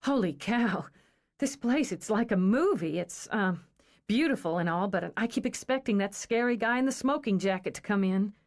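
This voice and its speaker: Breathy jittery young woman put on by a female reader, hesitant and wide-eyed, audiobook. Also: mid-range voice, animated, normal speed, close to an everyday voice. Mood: awed. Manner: hesitant, awed. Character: nervous breathy young woman, eager and awed.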